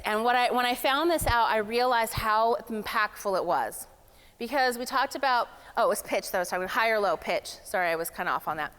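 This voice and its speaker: A woman giving a lively, playful workshop talk at a summit, speaking casually to a live room. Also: on the high side, clear, resonant tone. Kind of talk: energetic motivational workshop talk. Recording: long hall reverb.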